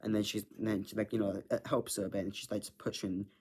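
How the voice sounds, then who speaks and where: A man's voice: fairly low pitch, little pitch movement, fast talker, darkish tone, husky. A man rambling through a personal story in casual chat, full of filler words and frequent swearing. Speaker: vlogger.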